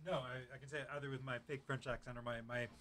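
Fast-talking baker, proud and salesmanlike. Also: male voice, mid-range voice, level tone, fairly bright tone, no echo. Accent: Midwestern American. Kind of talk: casual product talk.

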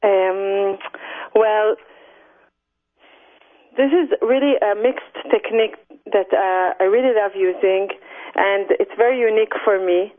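Woman guest, hesitant and soft, tinny phone line. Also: mid-range voice, slow, pauses often. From Israel. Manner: soft-spoken, hesitant, many fillers. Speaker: illustrator guest. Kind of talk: phone interview. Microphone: telephone.

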